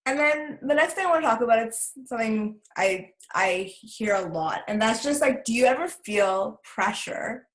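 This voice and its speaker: A woman's voice: on the high side, lively intonation, moderate pace, few pauses. A young woman hosting a casual interview, friendly and a little hesitant, with many fillers. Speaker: host. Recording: echoey room.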